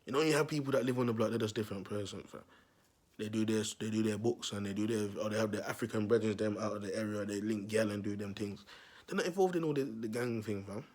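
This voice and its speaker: A man's voice: lowish voice, quick pace, darkish tone. A man, a vlogger telling a neighbourhood story to his viewers in a slangy, repetitive way.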